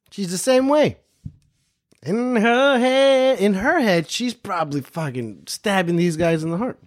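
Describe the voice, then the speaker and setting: A man hosting a podcast, telling a casual, profane story and repeating phrases for emphasis. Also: high voice. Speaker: podcast host.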